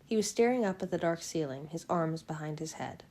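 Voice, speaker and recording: A woman narrating a novel in the first person with a low, mellow voice. Her reading is steady and unhurried, and the tone stays soft and rounded throughout. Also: slight background noise. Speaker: fan audiobook reader.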